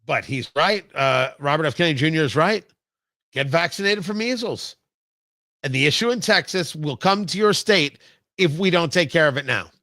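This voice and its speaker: A male talk show host delivers opinionated political commentary and goes off on sarcastic tangents. His voice is high and forceful, and it sounds close and dry, with no room around it. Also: animated, moderate pace, no room sound. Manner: emphatic, sarcastic, digressive.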